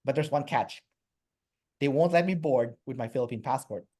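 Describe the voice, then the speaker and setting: A man's voice: mid-range voice, moderate pace, darkish tone. A man from Canada, a guest in a casual interview, telling a travel story with many fillers and restarts.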